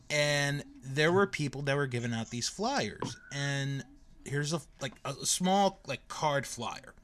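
A man in his thirties hosting a casual podcast chat, telling stories with lots of fillers. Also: mid-range voice. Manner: lively storyteller with frequent fillers and laughs. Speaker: podcast host.

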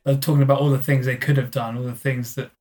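A man's voice: medium pitch, level tone, fast, dark tone. A man co-hosting a casual podcast in a teasing, jokey way. His voice sits in an ordinary middle range. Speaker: podcast co-host.

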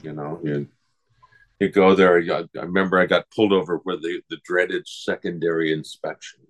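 Older guy, real deep voice, chatty guest telling stories and doing the other people's voices. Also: fairly even intonation, normal speed. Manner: rambling anecdotes, acts out quoted people. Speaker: guest voice actor. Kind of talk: casual interview storytelling.

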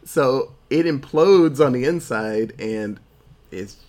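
A man on a podcast casually retelling a film's plot and putting on quick voices for the characters. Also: medium pitch, animated, a little mellow. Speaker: podcast co-host. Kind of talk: casual movie recap.

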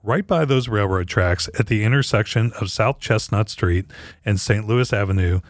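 This is a man with a fairly low voice hosting a podcast. He opens with a read intro, then slips into relaxed chat with his guest. The sound is dry and close. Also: normal speed, no echo. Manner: reads a scripted intro, then chats casually. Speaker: podcast host.

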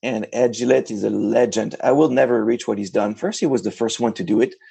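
A man with a low, gravelly voice with some fry, answering interview questions in relaxed, casual talk. He speaks in an animated way, stumbling and restarting as he goes. The recording is close and dry, with little room sound. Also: fairly quick, no room sound. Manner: animated, self-correcting, frequent restarts. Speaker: ocean kayak adventurer, interview guest.

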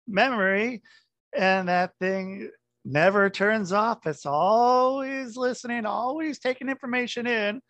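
A man hosting a podcast interview who speaks in a relaxed, halting way, with filler words and short agreements. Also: high voice, dry recording. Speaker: podcast host.

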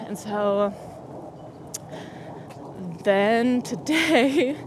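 In a laid-back storytelling chat, a young adult podcast host laughs often and dramatizes what people said. Their mid-range voice keeps a moderate pace, and background noise is audible.

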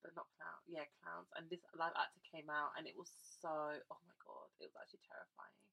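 A young woman co-hosting a podcast, chatting casually and telling animated stories with quick asides. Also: low voice, gravelly, low-quality recording. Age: young adult. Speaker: podcast co-host. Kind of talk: casual chat.

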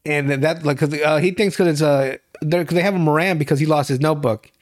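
Man, young adult, podcast host, casual profane rambling, fairly high voice. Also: quick pace. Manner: profane, rambling, laughs often, with restarts. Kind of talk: casual podcast chat recapping a TV series.

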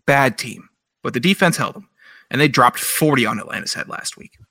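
A man co-hosting a casual sports podcast, joking and excitable, laughing often as he makes his game picks. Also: mid-range voice, normal speed. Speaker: podcast co-host.

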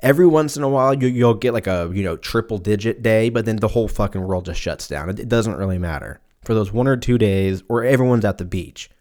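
A man's voice: on the low side, quick pace, hardly any pauses, darkish tone. A young man in his twenties hosting a solo comedy podcast, rambling through profane tangents. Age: 20s. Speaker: podcast host.

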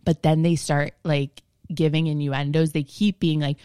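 Young woman, podcast host, smooth clear voice, dry close sound, rambling profane storytelling. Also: sits low, little pitch movement, moderate pace, dark tone, no room sound. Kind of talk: casual storytelling chat.

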